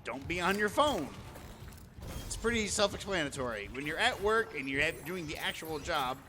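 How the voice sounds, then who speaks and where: A man's voice sits on the high side, bright and forceful, with lively intonation and a moderate pace. He is streaming live and casually telling a story, chatting and cursing freely while voicing what others said. Long reverb and faint background noise color the recording.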